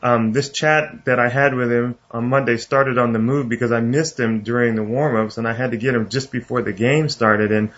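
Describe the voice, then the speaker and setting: A man hosting a casual baseball chat, talkative and quick to laugh. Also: mid-range voice, fairly even intonation, a bit bright, lo-fi sound. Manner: chatty, laughs easily. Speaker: podcast host.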